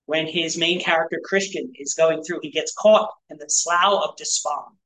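A man's voice: on the high side, steady tone, normal speed, bright, forceful tone, rough recording. A male pastor giving a conversational sermon to a small church group, full of rhetorical questions and asides. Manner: rhetorical questions, frequent "right?" and "you know". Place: church gathering.

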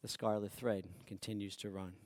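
A man preaching a sermon who swings from hushed, quiet passages to loud, emphatic ones. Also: fairly low pitch, level tone, moderate pace, no echo, studio quality. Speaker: pastor.

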